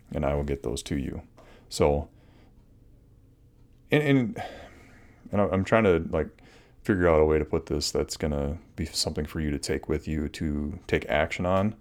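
A middle-aged man hosts a solo advice podcast in a bass voice with a darkish tone. He speaks earnestly but casually, with many restarts and fillers.

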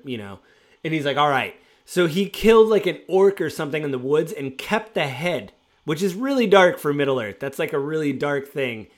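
A man's voice: fairly high pitch, expressive, normal speed. A man in casual chat, animatedly retelling stories from tabletop games he ran, acting out what players said. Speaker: former game master.

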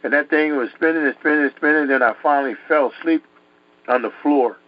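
A guest from New York shares his testimony as a dramatic personal story, speaking emphatically and repeating words for effect. His voice runs on the high side at a quick pace, and the recording is dull and dry.

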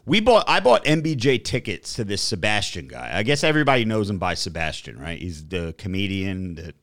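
A man in his thirties rambles through casual podcast chat, swearing freely and swinging from low mutters to loud rants. His pitch is animated and lively. The sound is dry and close. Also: fairly quick, no room sound. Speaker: podcast co-host.

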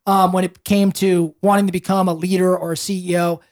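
A man speaks as a podcast guest, telling a story in a loose, rambling way. He is animated and restarts his sentences often. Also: sits high, a little fast.

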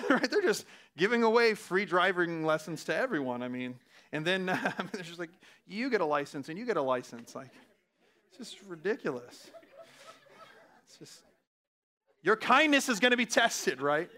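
Guy pastor preaching, kinda high bright voice, jokey and laughing, goes quiet then yells. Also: sing-song, moderate pace. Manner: conversational, laughing, swings from hushed to shouting. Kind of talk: sermon.

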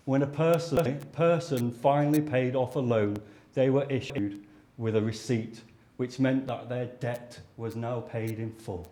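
A man's voice: medium pitch, fairly even intonation, unhurried, dark tone, a little hiss or hum. Lancashire guy preaching a sermon, earnest and chatty, keeps asking the room questions. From Lancashire, England. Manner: earnest, conversational, asks the listeners questions.

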